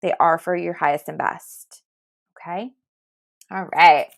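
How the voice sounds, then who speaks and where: A woman's voice: lowish voice, fairly even intonation, a little slow, gravelly. A woman giving spiritual readings on a casual livestream, chatty and reassuring, who laughs often and speaks into a computer mic at home. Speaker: tarot reader on a livestream.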